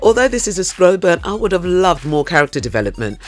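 A man hosting an audiobook review show, reading a scripted review in a playful, cheeky way that turns loud and emphatic when he rants. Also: sits high, big pitch swings, fast talker.

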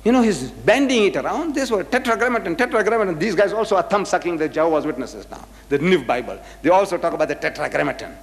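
A man's voice: high-pitched, animated, quick pace, few pauses. An older man from South Africa giving an emphatic religious lecture, firing rhetorical questions at his audience. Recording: hall with long reverb.

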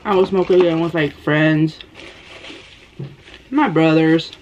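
A woman, telling a story in an animated, breathless way while eating on camera. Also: deep voice, measured pace, a little hiss or hum. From United States. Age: 30s. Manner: animated, gasping, breathless retelling. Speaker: mukbang vlogger. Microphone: camera microphone. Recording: slightly dull lo-fi sound.

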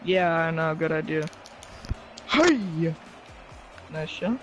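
A man chatting casually while playing an online game with friends over a headset, goofy and prone to sudden yells. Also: fairly high pitch, expressive, takes it slowly, over music. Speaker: gamer on a stream. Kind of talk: casual gaming chat.

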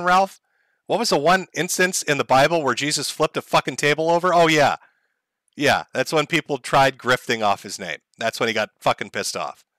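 A man's voice: fairly high pitch, sharp tone, no echo, clean studio sound. A man hosting a livestream, giving sarcastic, profane, mocking commentary. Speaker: streamer host.

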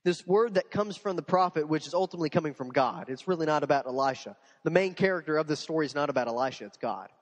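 High-voiced preaching man in a hall. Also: quick pace, few pauses. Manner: animated preaching with rhetorical questions and repetition. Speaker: pastor. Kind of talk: sermon. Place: church sanctuary.

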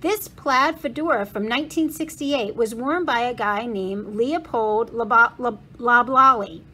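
A woman reading the part of a clever, eager schoolgirl who talks in a bright, quick, confident way. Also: on the high side, slight background noise.

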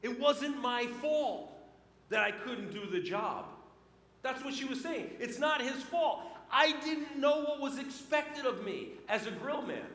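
A man preaching a sermon, telling a personal story with lively swings between loud and hushed delivery. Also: very high voice, a little slow. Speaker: pastor. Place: church sanctuary. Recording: echoey church hall with long reverb.

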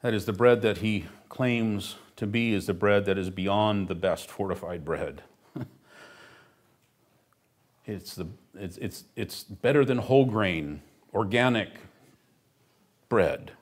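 A man's voice: on the low side, takes it slowly, long pauses. A middle-aged man preaching a sermon as pastor, emphatic and earnest, with dry humorous asides.

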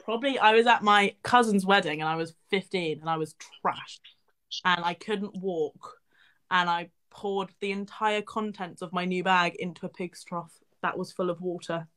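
A young woman from the UK chatting casually on a livestream, reading viewers' questions aloud and answering with loud exclamations now and then. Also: on the low side, moderate pace. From United Kingdom. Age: teens. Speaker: livestream host.

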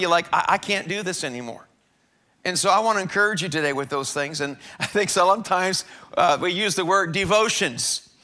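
A pastor preaches a sermon in a church sanctuary in a high-sitting, pushed and bright male voice. He speaks conversationally, often repeating words as he builds each point.

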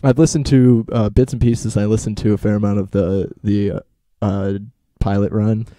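A young man chatting casually as a podcast guest, hesitant with many fillers and deadpan jokes. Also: on the low side, no echo, clean studio sound. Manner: halting, lots of uh and um, deadpan jokes. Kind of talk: casual chat.

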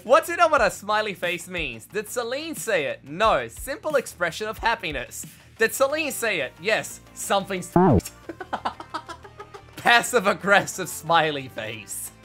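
A man's voice: high voice, big pitch swings, a little slow, pushed and bright, faint music behind. A young Australian man streaming, reacting to fan memes in casual chat, laughing often and swearing freely.

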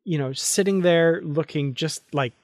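A man co-hosting a podcast, recalling a fan memory in casual chat, warm and admiring with restarts. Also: on the high side, measured pace, no room sound. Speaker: podcast co-host.

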